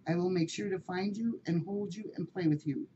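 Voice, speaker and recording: Woman voicing kind male shelter volunteer, reassuring, soothing, warm dark tone. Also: lowish voice, normal speed, muffled recording, slight background noise, lightly acted.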